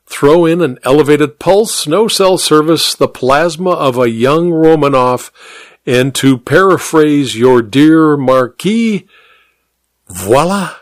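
A man reading an audiobook, voicing a cold, gloating woman killer with a slightly raspy voice and a calm, mocking manner. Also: on the high side, slow, no echo.

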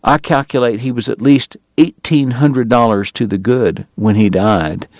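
A man voicing a formal, long-winded gentleman dentist and gambler with a Southern drawl, verbose and precise. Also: medium pitch, a little slow, dry recording, natural voice. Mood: indignant. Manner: verbose, precise and courtly, prickly about his honor.

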